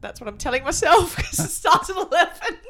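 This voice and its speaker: A woman podcast co-host chatting casually and joking, her voice a little husky and cracking. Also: extremely high pitch, big pitch swings, fairly quick, a bit bright. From Australia. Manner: jokey, giggly, chatty. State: slightly husky, voice breaking. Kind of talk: casual chat.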